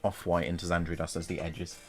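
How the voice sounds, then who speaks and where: A man's voice: low voice, level tone, soft background music. A man, casually chatting and laughing on a live stream while painting miniatures. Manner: chatty and playful, quick to laugh.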